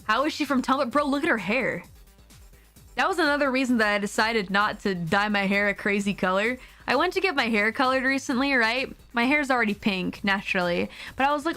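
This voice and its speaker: A woman's voice: fairly high pitch, brisk, sharp tone, soft background music. A young adult woman streaming a video game, chatting casually, laughing often and speaking bluntly with some swearing.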